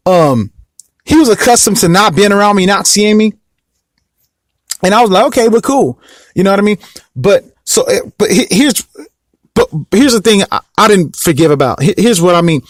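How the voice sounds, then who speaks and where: High-voiced man telling a rambling story. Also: dry recording, clean studio sound. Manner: rambling, repeats himself, keeps asking "you know what I mean". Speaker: vlog host. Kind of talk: casual personal storytelling.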